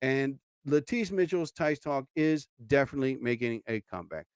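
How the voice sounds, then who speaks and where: Man, live-show host, rambling casual monologue; clear, smooth voice, dry close sound. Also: medium pitch, animated, moderate pace, dry recording. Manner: rambling, chatty, many "you know" asides.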